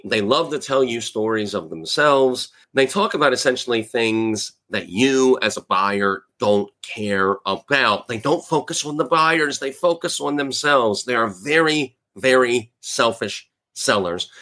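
A man's voice: on the low side, fairly bright tone. Male sales coach, conversational, keeps checking in with listeners. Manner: conversational, keeps asking "right?". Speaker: sales trainer. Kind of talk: talking-head sales advice.

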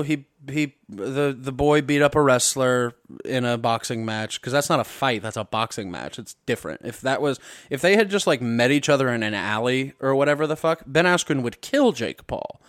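A young man from Missouri hosts a podcast in a loose, jokey, foul-mouthed rant that keeps stopping and restarting. His voice sits at a middling pitch. It is recorded close and dry, with no room sound. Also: animated, moderate pace, a bit bright, dry recording. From Missouri, USA. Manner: profane, rambling, self-interrupting, jokey. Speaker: podcast host. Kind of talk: casual comedic rant. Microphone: podcast mic.

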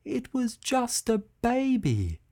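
Man reading a storybook with lively pitch. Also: slow pace, no room sound, clean studio sound. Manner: expressive, animated reading. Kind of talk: scripted storybook narration.

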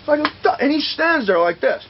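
A man telling stories from his wrestling days in a profane, animated shoot interview, acting out the moves as he talks. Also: very high-pitched, fast, muffled recording, slight background noise. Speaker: retired pro wrestler interviewed.

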